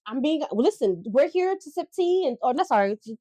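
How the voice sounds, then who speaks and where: Chatty woman, a little high, dry sound. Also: very animated, fairly quick, dark tone, no room sound. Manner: conversational, reflective, frequent restarts and "right?". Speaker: podcast co-host. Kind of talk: casual chat.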